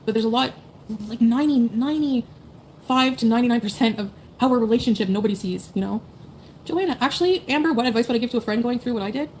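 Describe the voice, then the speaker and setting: Woman streamer in her 30s, rapid and blunt, swears freely, faint background hiss. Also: a little high, darkish tone. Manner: blunt, profane, rambling with many "like"s and "you know"s. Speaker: streamer talking to chat. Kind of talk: casual livestream chat.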